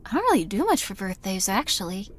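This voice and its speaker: A woman's voice: medium pitch, big pitch swings, quick pace. A young woman streamer chatting casually while she plays, rambling with lots of fillers and self-deprecating asides. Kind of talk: casual live-stream chat while gaming.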